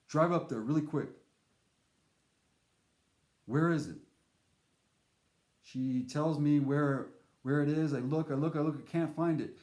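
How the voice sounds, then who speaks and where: A man telling a casual spoken anecdote in a rambling, animated way, with fillers and restarts. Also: a little high. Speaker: storyteller. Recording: echoey room.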